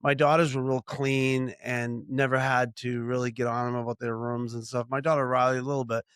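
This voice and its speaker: A man's voice: mid-range voice, flat delivery, fairly quick, fairly bright tone, smooth, no echo, clean studio sound. An older man, a podcast co-host, telling family stories in a rambling, casual chat full of restarts and fillers.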